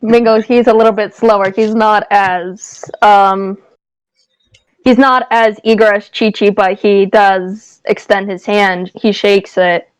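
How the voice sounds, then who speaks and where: A woman tabletop player who speaks in a hesitant, apologetic, soft-spoken way. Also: medium pitch, steady tone, slow, clear, resonant tone.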